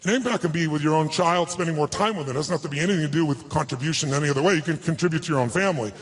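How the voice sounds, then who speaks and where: A man's voice: fairly high pitch, rapid-fire. Earnest man telling a personal story. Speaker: motivational speaker. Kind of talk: live motivational talk to an audience.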